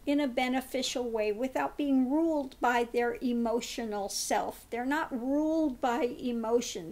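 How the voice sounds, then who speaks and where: Slow high-voiced woman tarot reader. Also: a little mellow. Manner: slow and meandering, laughs often. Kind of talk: spiritual card reading.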